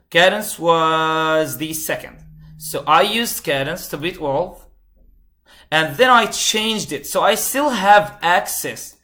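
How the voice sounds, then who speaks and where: A man's voice: on the high side, pushed and bright. A man instructor giving a live coding lecture, repeating key phrases and asking the class questions. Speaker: computer science instructor.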